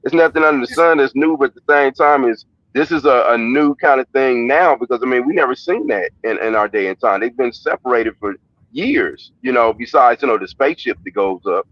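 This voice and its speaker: A male co-host muses aloud in a halting, casual way at a middle pitch. His voice sounds dull and lo-fi. The sound is dry, with no room. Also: no echo. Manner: musing, halting. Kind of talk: casual chat.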